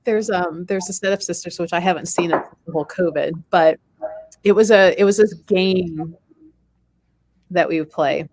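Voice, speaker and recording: A woman telling a relaxed, rambling anecdote in a casual group conversation, laughing often. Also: lowish voice, normal speed, dry recording.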